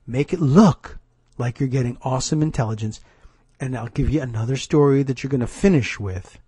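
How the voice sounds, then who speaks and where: A man voicing a calm male presidential aide who murmurs instructions in a low, patient, coaxing way. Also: slightly rough, no room sound, lightly acted.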